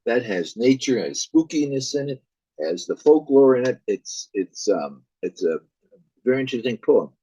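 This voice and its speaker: Husky-voiced man giving a lecture. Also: mid-range voice, expressive, normal speed, mellow, no room sound, dull audio. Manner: hesitant, many fillers. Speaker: music instructor. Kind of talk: recorded video lecture.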